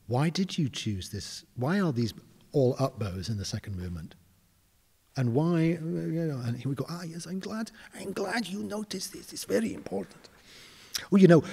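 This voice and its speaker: A middle-aged man from England, a conductor telling lively stories in a casual chat and acting out the people he quotes. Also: medium pitch, husky, in a large hall. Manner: animated storyteller, acts out quoted people. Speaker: guest conductor. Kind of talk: casual storytelling in conversation.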